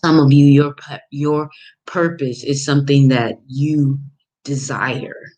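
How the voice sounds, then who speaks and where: A woman's voice: rumbling low, steady tone, slow pace, mellow. A woman life coach giving an emphatic, preachy motivational talk, repeating phrases and dropping folksy pet names. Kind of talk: motivational video monologue.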